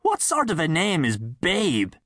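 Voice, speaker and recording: A man's voice: on the high side, huge pitch swings, measured pace, fairly bright tone, no echo, studio quality, voice pushed up, exaggerated voice. A man with an Irish accent voicing a cocky, sarcastic town boy in an audiobook. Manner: cheeky, sarcastic. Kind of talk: audiobook character voice.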